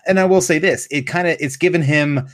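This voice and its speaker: A man's voice: a little high, a little fast, no room sound, clean studio sound. A man co-hosting a podcast in casual chat, laid-back and profane, who often stammers through restarts. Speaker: podcast co-host.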